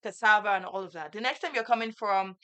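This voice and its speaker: A young woman co-hosting a casual talk show, playful and quick to laugh. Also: medium pitch, fairly bright tone, smooth. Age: young adult. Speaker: co-host.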